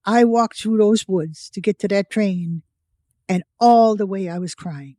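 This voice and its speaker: A woman's voice: medium pitch, unhurried, dark tone, no room sound, studio quality. A woman in her eighties from the United States, a podcast guest telling her life story and acting out the voices of the people in it. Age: 80s. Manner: vivid storyteller who acts out quoted voices. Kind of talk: personal storytelling.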